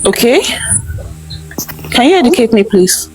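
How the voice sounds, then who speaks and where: A woman's voice: a little high, sing-song, measured pace, a little mellow, soft background music, rough recording. A Nigerian woman with a Nigerian English accent arguing her point emphatically in an online audio discussion, often repeating words as she pushes on. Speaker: audio room participant. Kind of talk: impassioned debate.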